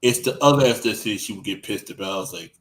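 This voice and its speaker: A man telling crude stories in casual podcast chat. He rambles with lots of restarts and acts out what others said, swinging loud and soft. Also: on the low side, fast talker, low-quality recording.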